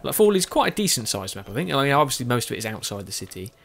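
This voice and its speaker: A man's voice: mid-range voice, very animated, rapid-fire, vocal fry, a bit bright. A tired man, chatting casually as he plays a game and often correcting himself. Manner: rambling, self-correcting, chatty. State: tired with a sore throat. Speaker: gaming video host.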